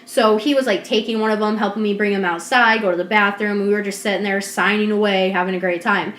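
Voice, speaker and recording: A woman co-hosting a podcast, telling a story in casual chat, animated and swearing, acting out what people said. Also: mid-range voice, quick pace. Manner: animated, swearing, acts out quotes. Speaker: podcast co-host. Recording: roomy echo.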